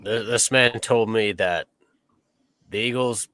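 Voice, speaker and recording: A man's voice: on the low side, slow pace, dry recording. Man reading sports betting lines. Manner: reads stats and odds in a steady listing way. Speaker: podcast host.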